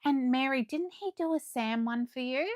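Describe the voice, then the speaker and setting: A young adult Australian woman hosting a live unboxing, chatting warmly and gushing as she reads comments aloud. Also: sits high, normal speed, no echo, studio quality. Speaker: livestream host.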